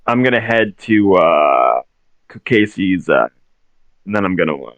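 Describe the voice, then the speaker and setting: Man player, joking and hesitant; low pitch, dry lo-fi recording. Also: very animated, measured pace, a bit bright, no echo. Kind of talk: casual tabletop play. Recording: dull lo-fi dry audio.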